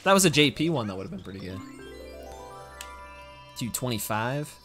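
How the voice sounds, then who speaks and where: A young man narrates his speedrun in a casual, jokey way, poking fun at himself and bantering with chat. His middle-pitched voice swings widely, and soft game music plays underneath. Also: sing-song, normal speed. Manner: jokey, self-deprecating, chatty with viewers. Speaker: speedrunner streamer. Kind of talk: casual live-stream commentary.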